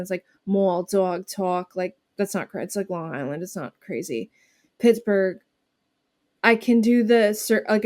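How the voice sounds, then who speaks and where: A woman comedian talks casually as a guest in an interview. Her speech rambles with fillers and false starts, at a middle pitch for a woman. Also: a little mellow. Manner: chatty, many "like" fillers and restarts.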